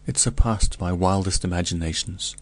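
A man reading a classic tale in the first person, measured and grave. His voice sits very low with a gravelly, creaky texture throughout. The delivery is steady and deliberate. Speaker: audiobook narrator. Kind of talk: first-person storybook narration.

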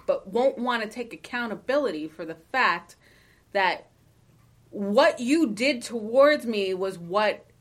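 A woman co-hosting a casual podcast, talking in an animated way, swearing and laughing often as she reads a listener letter. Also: medium pitch. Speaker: podcast co-host.

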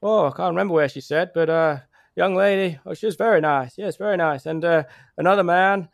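A man's voice: a little high, fairly quick, vocal fry, no room sound, studio quality. A man playing a chatty rural local who rambles and stammers as he gives directions. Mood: gossipy. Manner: rambling, stammering, full of restarts.

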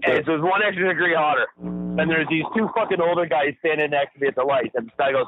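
A man's voice: on the high side, fast talker, slight background noise. A man from Ontario co-hosting a podcast, chatting casually, swearing freely and laughing often as he tells stories. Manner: profane, laughs often, animated storyteller. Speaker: podcast co-host. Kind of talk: casual chat. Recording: tinny phone-like audio.

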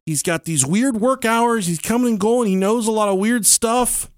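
Guy hosting a podcast, tells the story all animated, cursing a lot, voice a bit high. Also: normal speed, no echo, studio quality. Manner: animated, swears freely, acts out quotes. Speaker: podcast host. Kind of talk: casual true-crime storytelling.

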